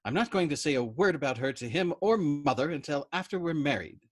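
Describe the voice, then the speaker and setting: A man's voice: fairly high pitch, lively intonation, brisk, dry recording, studio quality, voice pushed up. A man doing an earnest young airman. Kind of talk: audiobook character reading.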